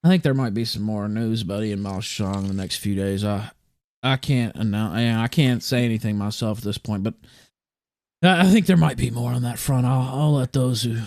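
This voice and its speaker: A man's voice: fairly low pitch, fairly quick, creaky, darkish tone, dry recording, studio quality. A man hosting a livestream, talking casually, reading chat messages aloud and often breaking into chuckles. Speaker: livestream host.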